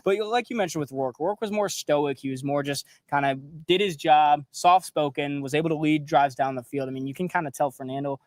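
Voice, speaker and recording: Brief: young male co-host, slightly high voice, dry sound, relaxed chatter. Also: brisk, hardly any pauses, no echo. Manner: conversational, many fillers. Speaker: sports show co-host. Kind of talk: sports analysis chat.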